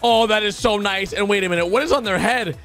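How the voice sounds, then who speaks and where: A man giving excited reaction commentary as a video host, full of exclamations. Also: high-pitched, soft background music. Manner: excitable, exclaiming, quick gasps and laughs. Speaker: YouTube host.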